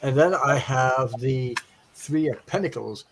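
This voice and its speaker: A man from Quebec co-hosting a live tarot stream. He speaks hesitantly, pausing and restarting often, at an ordinary pitch for a man. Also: noisy background. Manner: hesitant, many fillers and restarts. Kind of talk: live-stream casual chat.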